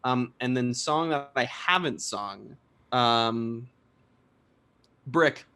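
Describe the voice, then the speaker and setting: A man's voice: medium pitch, slow pace, bright, forceful tone, clear, resonant tone. A young man, a guest singer, talking casually in an interview, chatty and self-deprecating, laughing often and restarting sentences.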